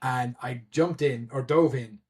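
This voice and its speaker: A man telling a story in a casual podcast chat, animated and laughing, with many fillers and restarts. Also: medium pitch, a little slow. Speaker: guest, event admin.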